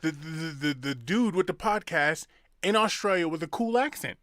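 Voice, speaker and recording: A man's voice: on the high side, moderate pace, no echo, studio quality. A middle-aged man from the area, telling profane stories on a casual podcast as co-host. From Boston area. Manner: profane, animated storyteller.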